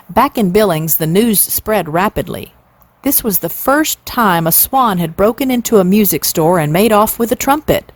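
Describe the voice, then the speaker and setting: A woman's voice: medium pitch, normal speed, no room sound. Woman in her sixties reading a story. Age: 60s. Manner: expressive, acts out sound words. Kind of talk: reading a children's novel aloud.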